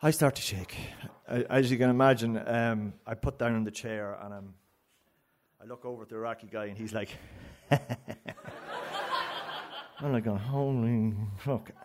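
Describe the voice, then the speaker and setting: Irish male storyteller, animated and rambling, mid-pitched voice, live stage tale. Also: normal speed, long pauses. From Ireland. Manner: rambling and animated, with frequent restarts and laughs.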